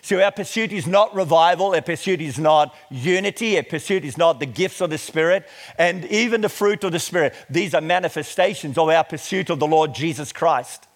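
A middle-aged man preaching a sermon, reading scripture slowly and with emphasis before explaining it. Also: fairly high pitch. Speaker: pastor.

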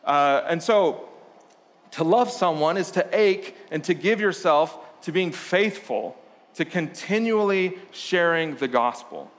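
A man's voice: on the high side, expressive, takes it slowly. Casual preaching man in reverberant hall. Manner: casual, conversational preaching with playful storytelling. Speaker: pastor. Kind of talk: sermon.

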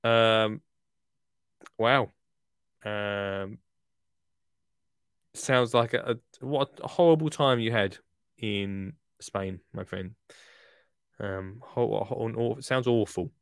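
A man's voice: on the low side, takes it slowly, long pauses, fairly bright tone, clean tone, no room sound, studio quality. A man hosting a podcast in a chatty, rambling, jokey way. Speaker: podcast host. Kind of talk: casual podcast chat.

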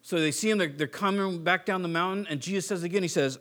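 A man preaching a sermon, animated, acting out quick voices of biblical figures and swinging between soft and emphatic delivery. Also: high voice. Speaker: pastor.

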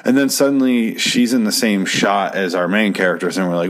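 Low-voiced man ranting through a recap. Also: animated, a little fast, hardly any pauses. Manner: rambling, sarcastic, swears freely. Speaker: TV episode recapper. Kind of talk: casual profane recap.

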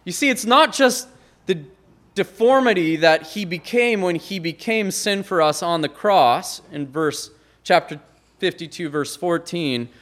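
Higher-voiced man preaching with swelling emphasis. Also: a little slow. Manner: emphatic, swings between loud stresses and quiet low phrases. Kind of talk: sermon.

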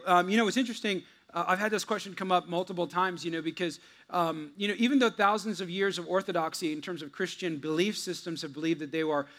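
A man with a high, bright voice preaching a sermon. He talks to his congregation like a friend in casual chat, then acts out his stories with lively, animated voices. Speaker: pastor.

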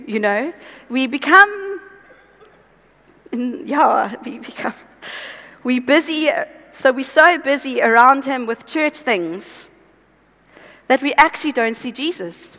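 Woman, high voice, conversational sermon, earnest and exhorting, voice tiring, long hall reverb. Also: lively intonation, slow pace, long pauses, fairly bright tone. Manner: earnest, exhorting, chatty asides. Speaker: preacher.

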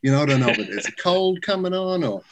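A man doing a gruff Austrian-accented action hero. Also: medium pitch, a little fast, a crowd in the background, natural voice. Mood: deadpan. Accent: Austrian, as put on. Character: gruff muscle-bound male action hero. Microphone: video call.

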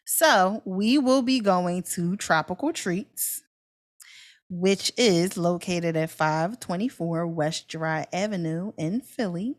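A woman's voice: lowish voice, takes it slowly. A woman from co-hosting a podcast in casual chat, playful and slangy. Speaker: podcast co-host.

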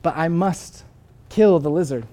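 A man voicing a calm, firm angel in a sermon story. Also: a little high, a little slow, natural voice.

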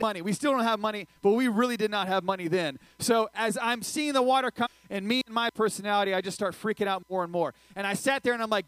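An energetic male preacher with a slightly high voice, joking and talking straight to his young crowd. The sound is dry, with little room echo. He delivers a loose, casual sermon. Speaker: youth pastor.

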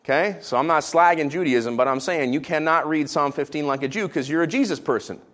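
A man raised in Israel delivers a sermon in a fairly high voice. He preaches in an animated, joking way, jumping from loud emphasis to hushed, quiet asides. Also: brisk. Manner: animated, jokey preaching with sudden quiet drops. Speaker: pastor.

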